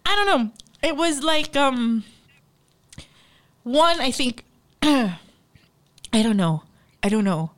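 Emotional woman, slightly high voice. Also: expressive, slow, pauses often, fairly bright tone. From Philippines. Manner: raw and emotional, swears freely, laughs through tears. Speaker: podcast co-host. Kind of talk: candid personal storytelling.

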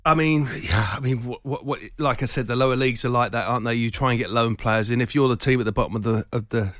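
A man in a casual studio chat, mid-pitched and recorded dry and close. He tells rambling, self-mocking stories as a guest comedian. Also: fast, a bit bright, no room sound. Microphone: studio mic.

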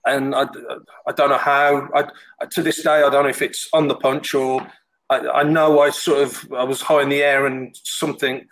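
A man's voice: medium pitch, level tone, moderate pace, fairly bright tone, rough recording. A middle-aged man, a former goalkeeper, telling stories casually with lots of fillers and restarts. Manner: rambling, full of fillers and restarts. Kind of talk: casual storytelling.

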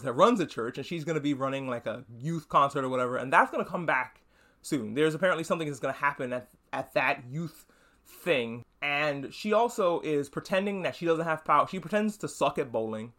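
A young man with a bright, forward voice, talking casually and sarcastically as he recaps a show. His pitch swings widely and leaps up when he gets worked up. He swears freely and drops into quick mock voices for the characters. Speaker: podcast host. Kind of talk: casual solo recap talk.

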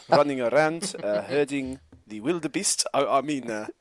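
A man's voice: mid-range voice, expressive, measured pace, close to an everyday voice. A man putting on a jokey South African accent. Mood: playful. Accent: put-on South African. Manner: laughing, mock-drawling.

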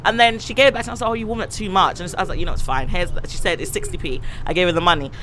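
Lively, bright-voiced woman. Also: lowish voice, rapid-fire, a little hiss or hum. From Jamaican heritage, raised in Britain. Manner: animated, acts out other people in her stories, laughs often. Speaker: podcast co-host. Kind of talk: casual storytelling chat.

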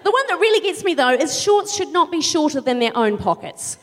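A middle-aged woman doing live stand-up comedy, ranting in exasperation with sudden shouted outbursts. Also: sits high, very animated, brisk. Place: large theatre stage. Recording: live theatre with long reverb.

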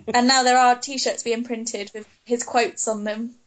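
A woman's voice: on the high side, steady tone, unhurried. A woman guesting on a podcast, amused and hesitant, with many ums. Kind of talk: casual chat.

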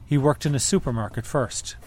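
Measured male documentary narrator. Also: mid-range voice, a little hiss or hum. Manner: measured, matter-of-fact storytelling. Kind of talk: scripted narration.

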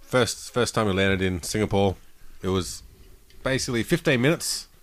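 A man's voice: on the low side, moderate pace, no room sound. A man chatting casually as a podcast co-host, laid-back, swearing freely and laughing at his own stories. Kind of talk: casual chat.

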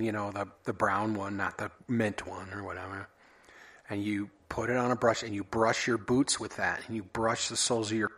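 A man hosting a solo podcast, sharing random thoughts in a wry, offhand, deadpan way. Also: lowish voice, husky. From United States. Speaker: podcast host.

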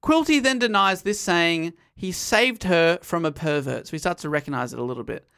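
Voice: mid-range voice, animated, fairly quick, creaky, fairly bright tone, smooth. A podcast host casually recapping a novel's plot and reading out quotes, often laughing. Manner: recounts the plot with laughter, quoting passages. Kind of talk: casual chat and story recap.

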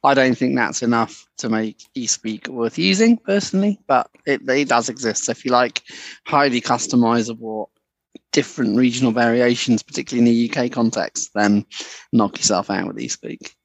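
A man's voice: medium pitch, normal speed, creaky, dry recording, poor audio. A man giving dry, wry, opinionated remarks in a casual tech discussion. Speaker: podcast guest panelist.

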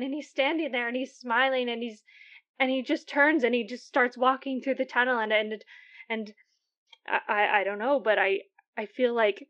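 A nervous woman caller, played by an actress, recounts her night in a high, halting voice that stumbles and repeats itself. The audio is dull and lo-fi, like a call-in to a radio drama. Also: fairly bright tone, lightly acted. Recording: dull lo-fi sound.

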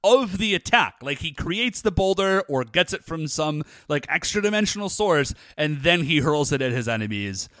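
Lively, high-voiced man recapping a show. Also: moderate pace, hardly any pauses, dry recording. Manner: animated, enthusiastic storytelling with many fillers. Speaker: podcast co-host. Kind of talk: casual chat recapping a TV episode.

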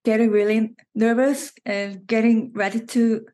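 A woman with a Korean accent, a native Korean speaker, chatting as an interview guest, with halting restarts and frequent laughter. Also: a little high, steady tone, warm tone. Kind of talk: casual interview chat.

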